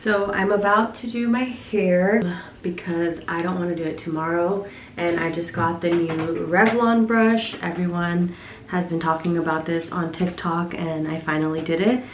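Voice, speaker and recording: A woman's voice: on the low side, steady tone, normal speed, reverberant, music in the background. A young woman chatting casually to camera as a lifestyle vlogger, easygoing and talkative. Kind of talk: casual vlog chat.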